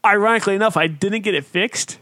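A man telling a story in casual chat, profane and animated, with shouted outbursts. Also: sits high, fast talker, a little hiss or hum. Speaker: podcast co-host.

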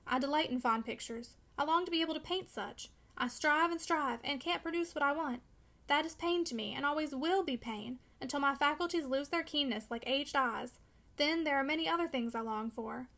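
A woman's voice: high voice, moderate pace, pushed and bright. A woman reading the part of a discouraged young man who speaks impetuously and pleadingly. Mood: discontented. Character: discouraged, longing young man of twenty-one. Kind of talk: audiobook character reading.

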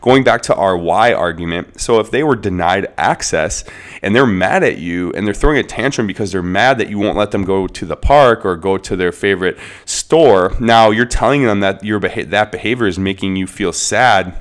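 A man in his thirties co-hosts a parenting podcast, talking through why children act out. His voice is fairly low, and he reasons aloud in an easy, conversational way. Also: normal speed. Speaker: podcast co-host.

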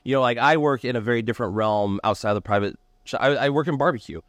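Laid-back pitmaster, mid-pitched voice. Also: male voice, quick pace, no room sound. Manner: relaxed, profane, laughs along. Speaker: barbecue pitmaster, co-host. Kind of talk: casual chat. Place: restaurant kitchen.

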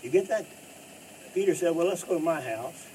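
A pastor preaching a sermon in an emphatic style, rising to loud bursts and dropping low. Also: male voice, expressive, moderate pace. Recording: distant mic with faint noise.

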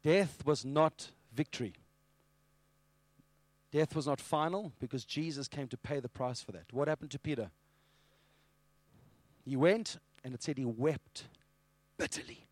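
A man preaching a sermon with animated storytelling. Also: mid-range voice, measured pace, pauses often, no echo. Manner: animated storytelling, acting out scenes.

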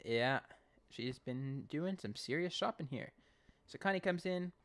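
A man's voice: fairly high pitch, lively intonation, a little slow, fairly bright tone. A Canadian man co-hosting a podcast, casually recapping an episode and acting out lines in raised voices. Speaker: podcast co-host.

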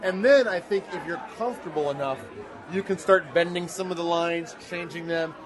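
A man's voice: fairly high pitch, normal speed, a crowd in the background. A man in his thirties, a guest actor telling rambling, self-deprecating stories in a casual interview.

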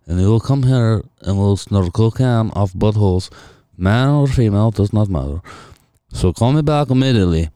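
A man putting on a slow, formal, mock-threatening voice for a prank voicemail, playing a self-styled jewel thief. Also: fairly low pitch, lively intonation, mellow, no echo, natural voice. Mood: mock menace.

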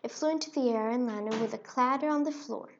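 A woman narrating a children's storybook in an expressive read-aloud way. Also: fairly high pitch, a little fast, slight background noise. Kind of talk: storybook reading. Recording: dull lo-fi recording.

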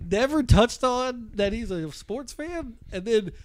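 A man co-hosting a casual movie podcast, rambling and profane, bursting into loud shouted impressions of movie lines. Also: extremely high pitch, expressive, unhurried, background noise. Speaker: podcast co-host. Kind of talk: casual movie-review chat.

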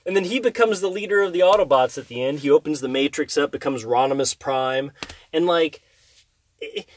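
A man in his thirties chatting casually on a podcast, telling a story in an animated way. He hums tunes and acts out scenes. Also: a little high, a little fast.

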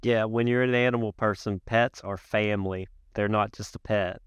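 A man with a low, smooth, resonant voice hosts an interview. He talks in a slow, reassuring way, rambling a little, and the sound is dry and close. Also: steady tone, no echo. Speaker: podcast host. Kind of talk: interview chat.

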